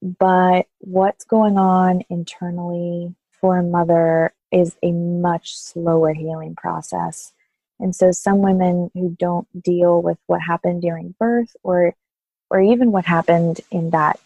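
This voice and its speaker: A woman postpartum doula speaking thoughtfully and gently in an interview, with soft laughs. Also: lowish voice, flat delivery, slow, gravelly, dry recording, low-quality recording. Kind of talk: interview conversation.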